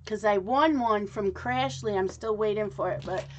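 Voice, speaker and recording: A woman's voice: medium pitch, moderate pace, a little hiss or hum. A woman vlogging in a casual, rambling way, with frequent ums and restarts. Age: adult. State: hiccups. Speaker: craft vlogger. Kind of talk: casual chat to camera.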